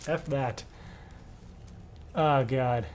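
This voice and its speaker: A man's voice: on the high side, a little hiss or hum. Laughing, swearing young male streamer. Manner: rambling, laughing and swearing freely. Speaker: live show host. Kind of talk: casual livestream chat.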